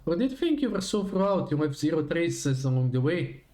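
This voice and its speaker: A man's voice: on the high side, big pitch swings, fairly quick, a little mellow. A man voicing a breezy young male church agent in a game scene, speaking in a playful, teasing way.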